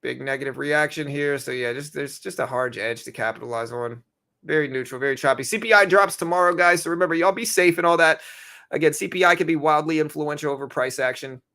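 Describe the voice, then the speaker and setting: On the high side and moving quickly, a young man's voice leads a live trading stream. He's easygoing and rambly, full of filler words and repetition, and hiccups keep interrupting him.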